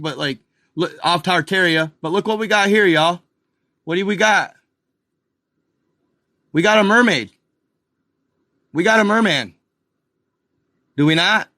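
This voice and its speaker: A man hosting a casual video, excitedly talking viewers through an old map and repeating himself as he points things out. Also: high-pitched, no room sound, clean studio sound. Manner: excited, repetitive, addresses viewers as guys and y'all. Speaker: video host. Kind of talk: casual commentary over a map.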